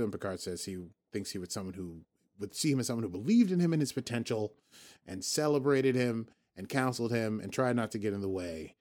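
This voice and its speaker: A man's voice: fairly low pitch, expressive, fairly quick, a little mellow. A man hosting a podcast, casually recapping a TV episode in a rambling, joking way, often correcting himself. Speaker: podcast host.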